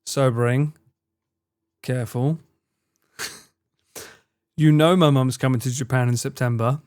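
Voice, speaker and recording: A man's voice: medium pitch, fairly even intonation, unhurried, a little mellow, smooth, dry recording, clean studio sound. A young man streaming live, chatting with his viewers in a teasing, mock-outraged way and swearing freely. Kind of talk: casual live-stream chat.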